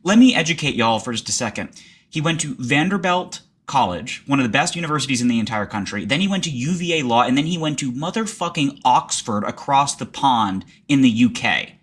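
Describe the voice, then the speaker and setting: Animated, profane man ranting on politics. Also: mid-range voice, a little fast, breathy edge. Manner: animated, profane, sarcastic rants. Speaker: co-host. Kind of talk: political commentary talk show.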